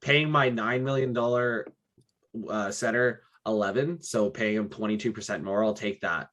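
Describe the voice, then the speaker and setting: A young man co-hosting a podcast, chatting casually about hockey in animated bursts and often tagging his points with "right?". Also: on the low side. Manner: animated, talks in quick bursts with frequent "right?". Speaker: podcast co-host. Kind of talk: casual sports chat.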